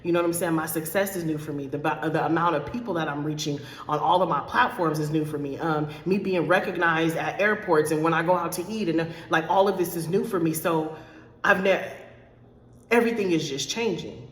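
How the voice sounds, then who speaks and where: Talking a little fast in a low-sitting voice, a woman life coach addresses her followers directly on camera, holding back tears. She keeps repeating herself and says y'all, and the room has a long, echoing reverb.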